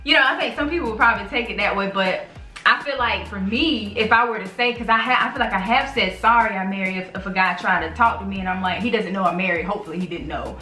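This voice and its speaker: Chatty bright-voiced woman in an echoey room. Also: mid-range voice, fast talker. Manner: chatty, rambling with many restarts. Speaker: channel host. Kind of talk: casual couple chat. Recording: echoey room, mic at a distance, faint music.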